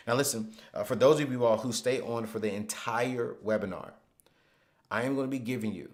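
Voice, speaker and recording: A man hosting a live finance webinar, speaking emphatically and repeating phrases, sometimes dropping to a hushed storytelling voice. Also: medium pitch. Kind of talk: live motivational money teaching.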